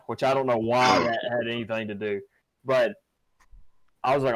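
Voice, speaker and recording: A man's voice: mid-range voice, steady tone, normal speed, pauses often, rough recording. A young man hosting a podcast, telling a personal story casually with many fillers and restarts. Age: young adult. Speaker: podcast host.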